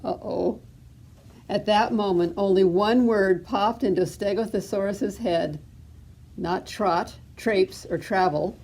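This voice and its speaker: A woman librarian reading a picture book aloud at children's storytime, expressive and asking little questions. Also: mid-range voice, takes it slowly, a little hiss or hum.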